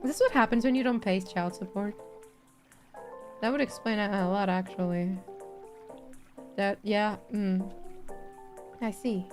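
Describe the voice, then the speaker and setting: A woman's voice: mid-range voice, unhurried, pauses often, darkish tone, soft background music. A woman streamer chatting casually with her viewers, playful, laughing often and swearing now and then.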